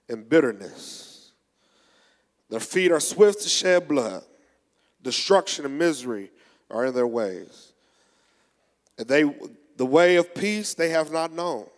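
Guy preaching a sermon, kinda high voice, big reverby church, reads verses slow then gets fired up. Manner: reads scripture slowly, preaches with rising energy. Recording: long echo of a large hall.

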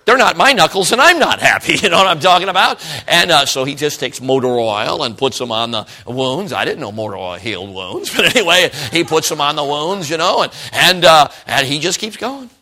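A middle-aged man preaching a sermon, telling a folksy story with frequent laughs and swings between loud and hushed. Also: fairly high pitch, lively intonation, moderate pace, few pauses. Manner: folksy storytelling, frequent "you know what I'm talking about".

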